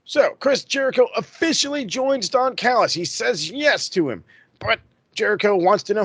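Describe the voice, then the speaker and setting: A man hosting a podcast, recapping in a casual, excitable, profane way that rambles. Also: sits high, normal speed, husky, no echo. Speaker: podcast host.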